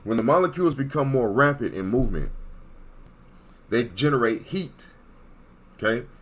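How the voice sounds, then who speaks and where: A man's voice: mid-range voice, animated, normal speed, fairly bright tone. A man giving an emphatic, preachy monologue as an online commentator, repeating points and checking in with his listeners. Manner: emphatic, repetitive, checks in with "Okay?".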